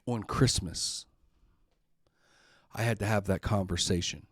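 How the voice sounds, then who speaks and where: A man's voice: on the low side, unhurried, slightly rough, no room sound, studio quality. A middle-aged man hosting a podcast, telling a personal story in an earnest, emotional way and sometimes repeating words when upset. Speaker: podcast host.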